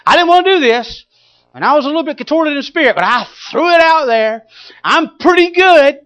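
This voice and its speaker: A man's voice: high-pitched, expressive, dry recording. A preacher acting out a bragging fisherman Peter. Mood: boastful. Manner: loud, drawn-out, bragging. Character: boastful grumbling fisherman Peter, adult man. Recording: dull lo-fi recording.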